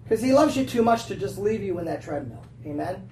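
A woman pastor preaching a lively sermon, laughing often and calling out for responses from the room. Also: mid-range voice, fairly quick. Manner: animated, laughing, calls for audience response. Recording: roomy, distant, faint noise.

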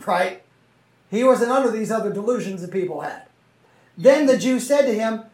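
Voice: medium pitch, lively intonation, normal speed, darkish tone. A Bible teacher reading scripture aloud and explaining it in a conversational way, often checking in with listeners through tag questions. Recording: roomy, mic far from the speaker.

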